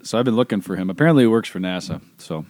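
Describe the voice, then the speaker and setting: A man's voice: lowish voice, lively intonation, very fast, darkish tone, no room sound. A man in his thirties co-hosting a podcast, a priest reminiscing about seminary days with a joking tone. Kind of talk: casual podcast chat.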